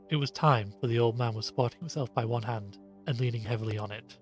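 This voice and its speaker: A man narrating a ghost story in a measured, low-key way. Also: fairly even intonation, faint music behind.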